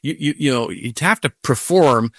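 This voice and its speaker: Older man telling animated stories. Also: medium pitch, moderate pace, dry recording, studio quality. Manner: animated storytelling with acted-out inner voices. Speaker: guest, professional golfer. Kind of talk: casual storytelling.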